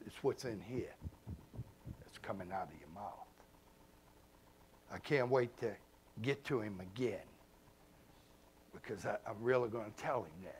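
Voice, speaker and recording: A man, a pastor preaching a sermon in a conversational way, swinging between loud emphasis and hushed asides. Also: fairly low pitch, unhurried, long pauses, slight background noise. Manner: conversational, informal grammar and repeated phrases.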